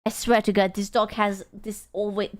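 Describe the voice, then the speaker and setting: A young woman streaming, chatting casually in a playful, silly way and breaking into excited squeals. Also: medium pitch, normal speed. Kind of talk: casual livestream chat.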